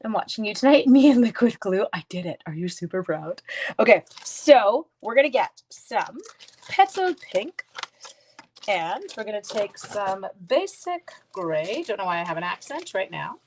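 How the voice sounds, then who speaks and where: A woman's voice: mid-range voice, sing-song, moderate pace, darkish tone. A woman hosting a crafting livestream, chatting casually with viewers and teasing herself while she works. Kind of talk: casual crafting chat, reading viewer comments. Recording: faint background noise.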